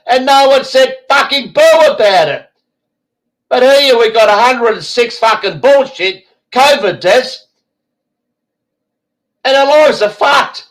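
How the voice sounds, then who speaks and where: A man's voice: very high-pitched, poor audio. An Australian man hosting an online talk show, ranting bluntly and swearing heavily. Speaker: show host.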